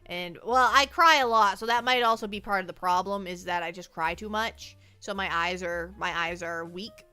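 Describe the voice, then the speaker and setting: A woman's voice: lowish voice, moderate pace, bright, forceful tone, clear, resonant tone, dry recording, soft background music. A woman streamer chatting casually and rambling, often repeating her words as she answers chat. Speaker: livestreamer.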